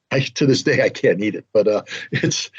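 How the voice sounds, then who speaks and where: Husky American man telling a story. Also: on the low side, unhurried. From United States. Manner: anecdotal, self-mocking, acts out quotes. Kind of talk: casual storytelling. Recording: dull lo-fi audio.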